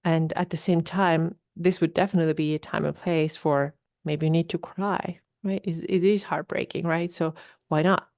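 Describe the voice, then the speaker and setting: A woman's voice: sits low, steady tone, moderate pace, darkish tone, dry recording, studio quality. A woman hosting a podcast, coaching listeners and often tagging her points with "right?". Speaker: podcast host. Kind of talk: solo podcast talk.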